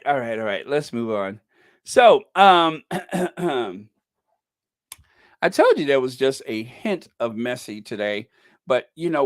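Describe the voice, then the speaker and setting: Slow, chuckling male commentator. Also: medium pitch, dry recording, studio quality. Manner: chuckling, incredulous, gossipy. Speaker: commentary channel host. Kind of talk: casual commentary on news and social media posts.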